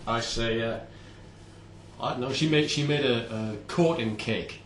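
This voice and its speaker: A man's voice: medium pitch, a little slow, fairly bright tone. Man, home baker, casual cooking vlog, wry asides, echoey kitchen, faint background hum. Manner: playful, self-mocking asides.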